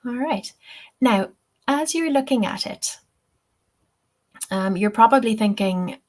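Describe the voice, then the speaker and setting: A woman's voice: a little high, lively intonation, takes it slowly. A young woman with an Irish accent teaching a webinar lesson, explaining step by step and often checking in with "okay?". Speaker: TEFL teacher.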